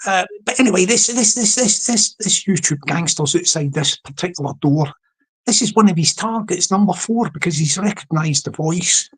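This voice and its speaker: A man's voice: sits high, animated, moderate pace, breathy edge, rough recording. A Scottish man hosting a comedic livestream, chatting and rambling with frequent restarts. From Scotland. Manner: chatty, repeats words, many restarts. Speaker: livestream host. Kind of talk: rambling comedic live commentary.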